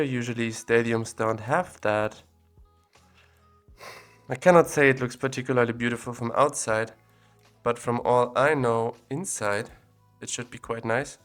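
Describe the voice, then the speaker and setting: This man's smooth, mid-range voice carries casual commentary as he wanders a map and muses out loud. He sounds relaxed and talkative, and the recording comes from a standalone audio recorder.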